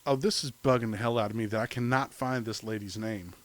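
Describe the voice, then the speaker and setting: A man co-hosting a podcast in casual chat who rambles with enthusiasm and fills his pauses with many fillers. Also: on the low side, steady tone. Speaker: podcast co-host.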